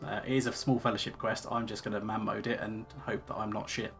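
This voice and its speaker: A man's voice: on the low side, quick pace, hardly any pauses, faint music behind. A man streaming a game, chatting casually with lots of fillers and reading quest text aloud. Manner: relaxed, rambling with many fillers. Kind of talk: casual let's-play commentary.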